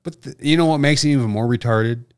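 A man's voice: medium pitch, darkish tone, smooth, no echo, clean studio sound. A man from North Dakota co-hosting a podcast, chatting bluntly and profanely and teasing his co-host. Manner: profane, blunt, quick to tease. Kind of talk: casual crude podcast banter.

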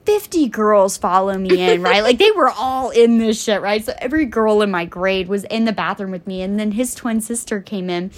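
A young woman guesting on a podcast, telling stories in a blunt, profane, animated way and laughing often. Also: mid-range voice, normal speed, few pauses. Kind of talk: casual storytelling chat.

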